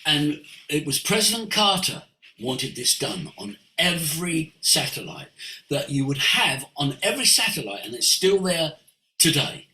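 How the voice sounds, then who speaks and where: Male voice coach, very bright and lively, preachy teaching talk, roomy video-call echo. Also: fairly high pitch, unhurried. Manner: animated and preachy, sweeping emphasis.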